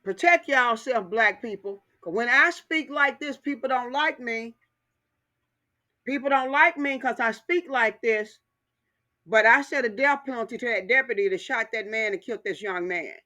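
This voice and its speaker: High, bright-voiced woman ranting fiercely. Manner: emphatic, repetitive, fiery preaching cadence. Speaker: video commentator. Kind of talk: impassioned commentary rant.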